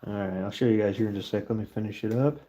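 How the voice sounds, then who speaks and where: A man's voice: fairly low pitch, fairly even intonation, racing, warm tone, a little hiss or hum. A middle-aged man chatting casually to camera while stamping a silver bar, joking and talking to his dog as he works.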